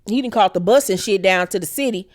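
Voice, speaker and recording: Animated woman recapping a TV show. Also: medium pitch, quick pace, no room sound, clean studio sound. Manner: animated, acts out characters in exaggerated voices. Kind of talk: casual profane TV recap.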